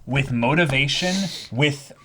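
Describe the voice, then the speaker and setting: Guy cohosting an anime reaction, rambly, says like a lot, gets hyped fast. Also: mid-range voice, background noise. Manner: excitable, with filler-heavy rambling and sudden shouting bursts. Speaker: co-host of an anime reaction show. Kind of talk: casual chat.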